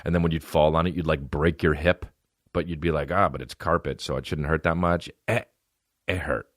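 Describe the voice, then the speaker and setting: In a brisk bass voice, a podcast host tells profane, rambling stories from his childhood as a casual comedy monologue, animated throughout. It's a dry, studio-quality recording.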